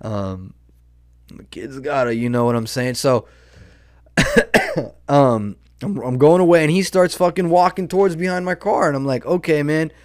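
A man's voice: fairly high pitch, animated, measured pace, long pauses, no room sound, clean studio sound. Rambling, profane young man on a podcast. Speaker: podcast host. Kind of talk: casual storytelling monologue.

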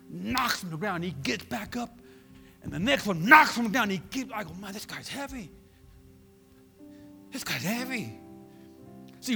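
Animated, gravelly-voiced preacher in a church. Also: male voice, long reverb tail. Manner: animated preaching, swinging between loud peaks and low murmurs. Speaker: pastor. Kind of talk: sermon.

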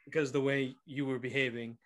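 A man's voice: mid-range voice, flat delivery, a little fast. A man from Brooklyn co-hosting a podcast, talking bluntly and swearing as he chats with his friend. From Brooklyn, New York. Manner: blunt, emphatic, swears freely. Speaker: podcast co-host. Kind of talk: casual chat.

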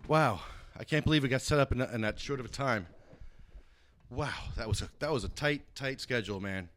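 A man hosting a casual podcast from a private house, excitable and rambling, quick to get fired up. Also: mid-range voice, slight background noise. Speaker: podcast host.

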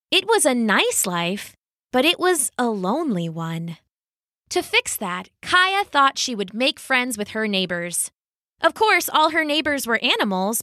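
A woman narrating a scripted children's story as the podcast's storyteller, telling it slowly and with many acted voices. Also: fairly high pitch, bright, forceful tone, dry recording, clean studio sound.

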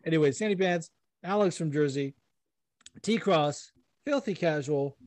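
A man's voice: a little high, a little slow, long pauses, darkish tone, no echo. A young man hosting a podcast in casual chat, rambling and self-deprecating, swearing now and then. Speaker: podcast host.

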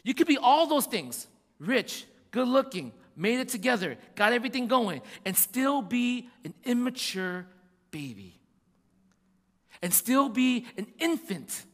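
Animated high-voiced male preacher. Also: unhurried, long reverb tail. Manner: animated preaching, acts out voices, asks "right?" often. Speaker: pastor. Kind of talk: sermon.

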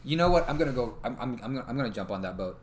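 A young man chatting casually as a podcast co-host, excited, swearing often and stumbling over his words. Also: medium pitch, racing, slight background noise. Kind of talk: casual chat.

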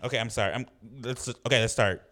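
A man hosting a casual podcast chat, animated and given to high dramatic cries. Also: fast. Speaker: podcast host.

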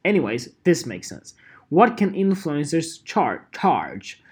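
A man's voice: fairly high pitch, big pitch swings, slow, slightly rough. A man hosting a podcast alone, talking casually in a rambling, profane, self-deprecating way. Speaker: podcast host.

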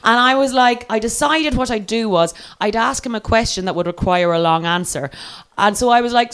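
A young Irish woman telling a comic personal story, lively and self-mocking, acting out the voices she quotes. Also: a little high, normal speed, clean tone. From Ireland.

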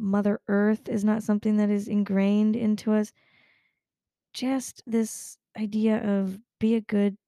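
A woman's voice: medium pitch, creaky, dark tone, dry recording, studio quality. A young adult woman hosting a casual talk show, venting with frequent swearing and laughter. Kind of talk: casual chat.

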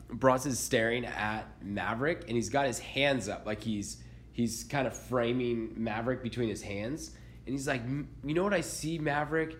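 Dad in his 30s on a podcast, cracking up at his own kid stories, faint hiss behind him. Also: on the low side. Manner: animated storyteller, acts out kids' voices, laughs often. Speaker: podcast co-host. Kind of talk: casual chat, telling family anecdotes.

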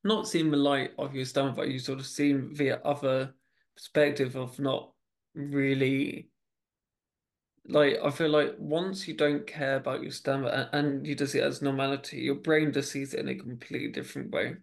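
A man's voice: mid-range voice, flat delivery, normal speed, creaky. A man hosting a podcast in casual chat, rambling with many restarts and fillers. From United Kingdom. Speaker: podcast host.

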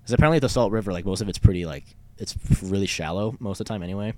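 A man's voice: fairly low pitch, racing, a little mellow, slight background noise. A young man casually telling a story, rambling with lots of fillers and swearing. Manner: rambling, many fillers and profanity. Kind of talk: casual chat.

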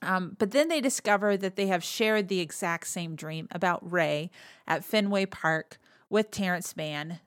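A woman hosting a podcast, casually retelling a movie's plot, laughing often and slipping into quick quoted lines. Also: lowish voice, no echo, studio quality. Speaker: podcast host.

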